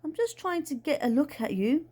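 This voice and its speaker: A woman playing a frantic, squeaky eccentric dad. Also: sing-song, moderate pace, dark tone. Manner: yelps and high-pitched cries. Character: excitable eccentric father chasing a crow.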